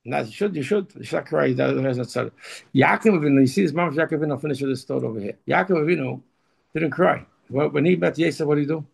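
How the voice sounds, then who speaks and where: A man giving an informal Torah talk, halting and repeating words, then pressing his points with emphatic urging. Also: on the high side. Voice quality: gravelly, husky voice. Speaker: Torah teacher.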